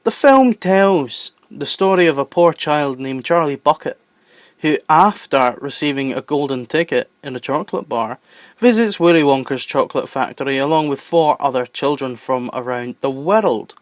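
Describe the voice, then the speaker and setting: A young man with a Southern English accent narrates a countdown video, breaking into playful, excitable asides. His voice sits a little high. The recording is dry and close, with no room sound. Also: moderate pace, no echo. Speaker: YouTube host. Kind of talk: enthusiastic list-video narration.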